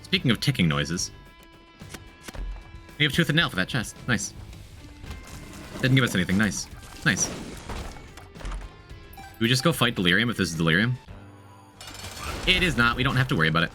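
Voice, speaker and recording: A man's voice: medium pitch, big pitch swings, normal speed, pauses often, bright, forceful tone, soft background music. A man streaming a game, chatting casually, thinking aloud, repeating himself and talking to his chat. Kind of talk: casual gameplay commentary.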